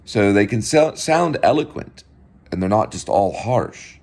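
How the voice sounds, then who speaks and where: A man's voice: fairly low pitch, animated, measured pace, creaky, a little mellow. A man hosting a casual home video, lecturing and drilling the same words over and over. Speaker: show host.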